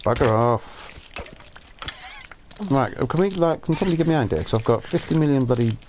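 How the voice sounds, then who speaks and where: A man's voice: medium pitch, expressive, a little fast, darkish tone, slight background noise. A man with an English accent chatting and joking with friends while streaming a game, swearing lightly. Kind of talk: casual gaming chat with friends.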